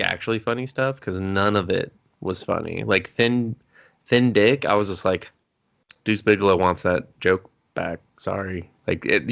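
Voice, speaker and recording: A man's voice: on the low side, gravelly, fairly bright tone, dry recording. A young adult man co-hosting a podcast, recapping a movie in casual, rambling chat with swearing and laughter. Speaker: podcast co-host.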